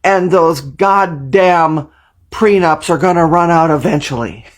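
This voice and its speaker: A man's voice: fairly high pitch, unhurried. A man joking crudely and speaking straight to his viewers in a reaction vlog. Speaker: comedic vlogger.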